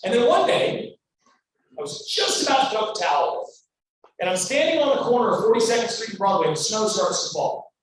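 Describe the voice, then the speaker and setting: A man from Louisiana giving a motivational storytelling speech, animated and acting out every character in his story. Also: high voice, a little fast. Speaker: guest speaker. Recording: echoey hall, mic far off, faint noise.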